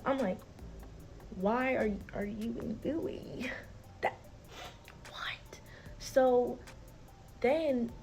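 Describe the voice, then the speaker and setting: A young woman recounts a personal dispute in a casual vlog, acting out the voices of the people she quotes and saying "like" a lot. She's animated, and her voice is medium-pitched. The audio quality is poor.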